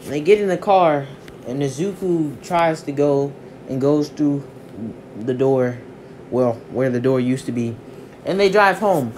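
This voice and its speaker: A storyteller rambling through an improvised fan story in a loose, halting way. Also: medium pitch, a little mellow, slight background noise.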